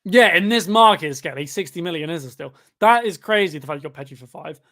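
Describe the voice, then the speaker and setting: A young man chatting through a live football watchalong, tired, reading out chat questions and breaking into sudden excited shouts at the game. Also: fairly high pitch, quick pace. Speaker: livestreamer reading chat during a match.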